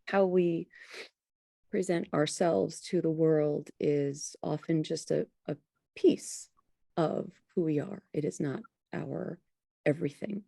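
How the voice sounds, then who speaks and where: Woman, podcast host, measured and reflective, unhurried delivery, dry close sound. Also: low voice, vocal fry, dark tone, dry recording. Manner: measured and reflective, speaks deliberately. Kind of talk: podcast interview, introduction read then reflective talk.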